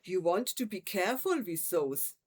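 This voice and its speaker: A woman's voice: fairly low pitch, sing-song, moderate pace. A woman reading a wry young schoolboy. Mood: chatty.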